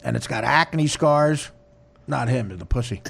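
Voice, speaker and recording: A man's voice: mid-range voice, lively intonation, measured pace, creaky, fairly bright tone. A man hosting a podcast, telling a crude, mocking story as a comedic rant. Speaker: podcast host.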